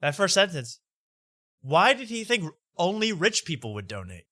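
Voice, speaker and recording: A man's voice: high-pitched, big pitch swings, normal speed, sharp tone, no echo. A man hosting a late-night comedy talk show, reading posts aloud mockingly with laughter. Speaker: host.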